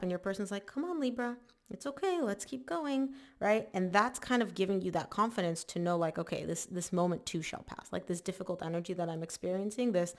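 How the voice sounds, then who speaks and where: Gravelly-voiced chatty woman reading tarot. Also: on the low side. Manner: chatty and emphatic, lots of "like" and "oh my gosh". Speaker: tarot reader. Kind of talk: casual spoken tarot reading.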